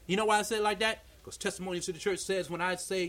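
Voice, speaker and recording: High-voiced, fervent male pastor. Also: racing, fairly bright tone. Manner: fervent, with call-and-response. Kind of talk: sermon. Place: church meeting.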